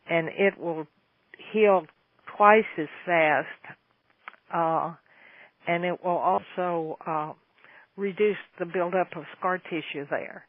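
A woman's voice: lowish voice, no room sound. A woman in her seventies hosting a call-in question and answer show, chatting in a folksy, enthusiastic way. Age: 70s. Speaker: host answering listener questions. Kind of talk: call-in Q&A chat. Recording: dry, tinny phone-line sound.

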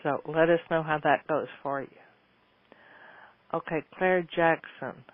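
Male host, folksy and rambling, slightly high voice, dry and phone-thin sound. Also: steady tone, unhurried, dry recording. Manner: folksy, rambling, with frequent restarts. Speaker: host answering listener questions. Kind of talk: casual gardening advice talk. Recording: tinny phone-like line, dry.

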